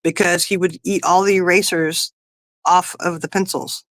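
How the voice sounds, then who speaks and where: A woman's voice: lowish voice, steady tone, moderate pace, no echo. A woman in her fifties chatting casually, telling rambling stories about her kids. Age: 50s. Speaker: podcast guest or co-host. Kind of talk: casual chat.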